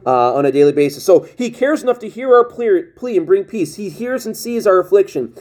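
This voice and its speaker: High-voiced, mellow male preacher. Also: lively intonation, brisk. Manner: reads King James scripture aloud, restarts often. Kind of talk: sermon.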